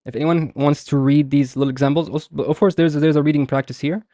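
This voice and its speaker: A young man teaching a beginners' Arabic lesson live online, patiently explaining letters and repeating example words slowly. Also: on the high side, steady tone, dark tone, no room sound, clean studio sound.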